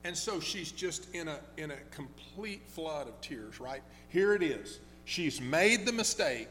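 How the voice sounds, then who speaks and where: Man, preacher, storytelling sermon, halting restarts, slightly high pitch, long reverb. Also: lively intonation, fairly bright tone, faint music behind. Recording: long hall reverb with faint hum.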